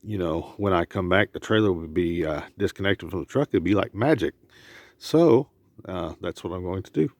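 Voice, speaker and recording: A man's voice: sits low, moderate pace, a little mellow, no room sound. A middle-aged man casually narrating his farm chores outdoors, rambling with lots of fillers, recorded on a handheld camera. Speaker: homesteader vlogger. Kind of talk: casual vlog narration while doing chores. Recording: noisy outdoor camera audio. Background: animals and a vehicle.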